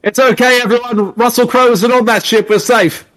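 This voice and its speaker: A man's voice: very high-pitched, fairly even intonation, a bit bright. A man co-hosting a casual movie-watching commentary, joking and laughing often. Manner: jokey, laughs often, quick to riff. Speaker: co-host.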